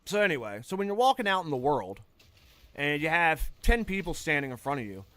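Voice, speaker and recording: A man's voice: on the high side, big pitch swings, a little fast, fairly bright tone, no room sound. A man streaming a video game, ranting casually with lots of swearing and restarts, breaking into angry outbursts when he dies. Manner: crude, profane, rambling rants with sudden outbursts. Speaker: gaming streamer. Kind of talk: casual gameplay commentary.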